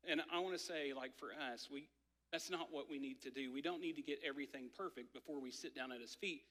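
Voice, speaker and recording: A man in his thirties preaching a sermon, telling a family story in a conversational, animated way with lots of filler words. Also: mid-range voice, fast. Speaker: pastor. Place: church sanctuary. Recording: church hall reverb.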